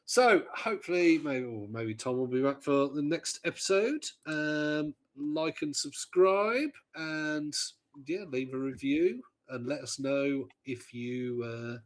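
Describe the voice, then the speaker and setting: A man from the English Midlands with a Midlands accent, hosting a podcast in a chatty, rambling way that often trails off. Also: a little high. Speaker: podcast host. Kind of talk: casual chat.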